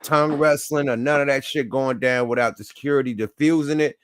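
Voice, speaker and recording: A man's voice: medium pitch, fairly even intonation, a little fast, fairly bright tone, slight background noise. A man hosting a podcast in casual chat, talking bluntly and emphatically with plenty of profanity. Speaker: podcast host.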